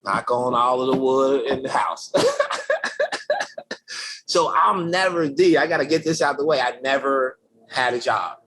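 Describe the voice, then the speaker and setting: A man in a relaxed interview, telling his story in loose, slang-heavy speech with plenty of fillers and false starts. His voice sits in a middle pitch, and a faint hiss runs underneath. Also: normal speed, poor audio. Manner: slangy, energetic, many fillers and restarts. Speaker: podcast guest, creative director. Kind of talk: casual conversational storytelling.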